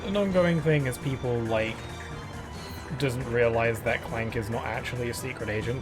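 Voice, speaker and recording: This young man's mid-range voice moves at a normal speed as he offers loose, relaxed commentary while playing a game on stream. He talks into a desk microphone, rambles with many fillers, and game music plays underneath.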